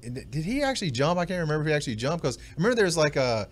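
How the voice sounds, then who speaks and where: Halting man recounting a story. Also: fairly high pitch, very animated, breathy edge. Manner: halting, repeats and restarts as he recalls events. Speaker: podcast co-host. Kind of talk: casual chat.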